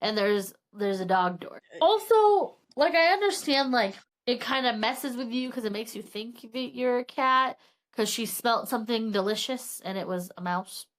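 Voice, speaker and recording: A woman co-hosting a casual book chat, retelling the plot in an animated way with quick voiced asides. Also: a little high. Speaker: podcast co-host.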